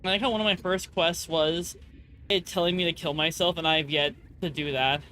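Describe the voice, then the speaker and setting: A woman's voice: on the low side, fairly even intonation, a little fast, a little hiss or hum. A young woman streaming a game, chatting casually with friends and chat, joking and swearing as she plays. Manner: profane, joking, reacts loudly to game alerts.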